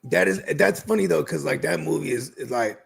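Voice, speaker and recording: A man co-hosting a podcast in casual chat, animated, swearing and acting out movie scenes. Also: on the high side, a little fast, creaky, slightly rough. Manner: animated, acts out movie lines, swears a lot. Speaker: podcast co-host.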